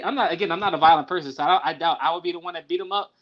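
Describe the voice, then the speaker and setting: A man's voice: on the high side, very fast, few pauses, a bit bright. A young man talking loosely on a podcast, telling a personal story full of fillers and asides. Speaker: podcast co-host. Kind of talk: casual storytelling. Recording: dull lo-fi sound.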